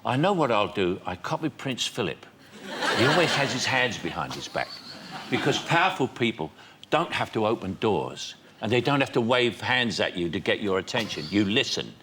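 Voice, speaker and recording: A man's voice: lowish voice, very animated, moderate pace, background noise. An older man, a talk show guest, telling chatty stories and acting out quoted dialogue with frequent laughs. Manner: chatty storyteller, quoting dialogue, laughing often.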